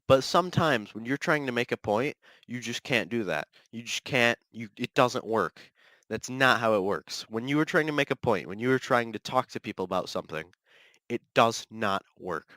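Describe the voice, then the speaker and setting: A man's voice: mid-range voice, expressive, a little fast, fairly bright tone, dry recording. Guy ranting alone on his podcast, keeps correcting himself, dry close sound. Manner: ranting, restless, self-correcting. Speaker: podcast host. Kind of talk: solo podcast rant.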